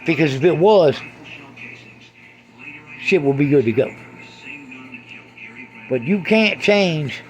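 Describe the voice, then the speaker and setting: Foul-mouthed man ranting, raised pitch. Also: expressive, takes it slowly, pauses often, slight background noise. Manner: crude, heavy swearing, rambling asides. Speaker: monologuist. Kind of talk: profane rambling rant.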